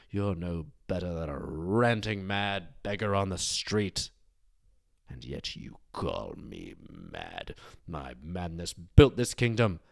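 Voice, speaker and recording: A man voicing a cruel, menacing older queen in a storytelling show, speaking slowly and quietly with venom. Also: sits low, creaky, no room sound, studio quality, heavily acted. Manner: slow, quiet, venomous delivery.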